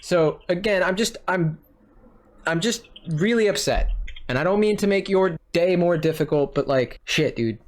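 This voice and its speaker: A man's voice: high voice, normal speed. Man, angry customer, ranting and exasperated, complains on a phone call, curses often. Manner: exasperated, ranting, repeats himself, swears. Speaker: frustrated customer on a support call. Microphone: recording his own side of a phone call.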